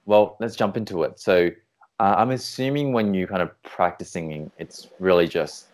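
Male vocal coach, low register, upbeat and encouraging, teaching over a video call. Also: moderate pace. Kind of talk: online singing lesson.

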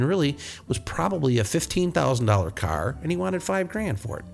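A male podcast host who works as a mechanic, telling blunt, profane, rambling shop stories. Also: mid-range voice. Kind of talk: casual podcast storytelling.

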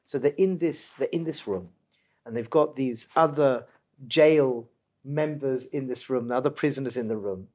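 A man, a guest, telling a religious story with lively shifts between hushed and loud. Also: mid-range voice. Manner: animated, swings from hushed to loud. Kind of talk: animated storytelling.

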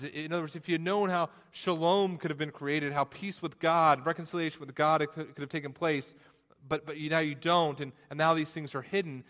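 A man's voice: fairly high pitch, fairly even intonation, brisk, fairly bright tone. Man preaching in a reverberant hall. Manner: expository preaching, restarts and repeated words. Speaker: pastor. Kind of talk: sermon.

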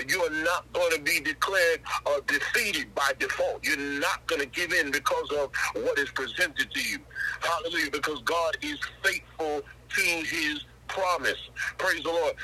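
Preacher, male, fervent and repetitive, bright edge, slightly high voice, faint hiss. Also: low-quality recording. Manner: fervent, repetitive, interjects hallelujah and praise the Lord. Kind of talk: sermon and prayer.

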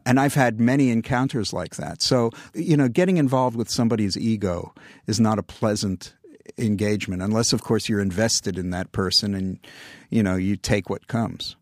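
Older male guest, wry anecdotal delivery, deadpan asides, dry studio read. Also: fairly low pitch, moderate pace, no echo. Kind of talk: conversational interview storytelling.

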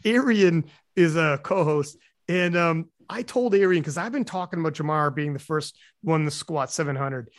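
A podcast host tells stories in casual chat, animated, swearing freely and acting out quotes. His voice is on the high side at a moderate pace, in a dry, studio-quality recording.

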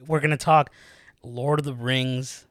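A man co-hosting a casual podcast, animated and laughing a lot, recording in a small cramped room. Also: medium pitch, measured pace, no room sound, studio quality. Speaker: podcast co-host. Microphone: not his usual mic setup.

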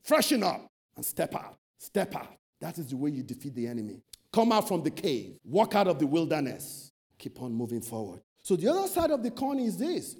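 Emphatic, high-voiced man preaching. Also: wildly swooping pitch, moderate pace. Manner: dramatic, acts out gossiping voices in a low mutter, rises to loud emphatic exhortation. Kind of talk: sermon. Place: church meeting room.

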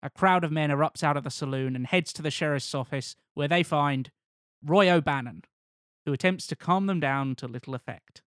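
A man's voice: on the high side, normal speed, a bit bright, no echo, clean studio sound. A man co-hosting a casual podcast chat, presenting a cast list and reading a plot from notes in a laid-back way, swearing now and then. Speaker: podcast co-host presenting a film pitch.

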